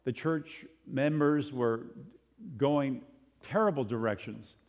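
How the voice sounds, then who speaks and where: A man preaching in a relaxed, talky manner. His voice sits at an ordinary middle pitch, and he breaks into lively bursts as he drives home a point. He sounds like a pastor speaking straight to his congregation. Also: slow. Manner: conversational, animated, acts out quotes in other voices. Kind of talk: sermon.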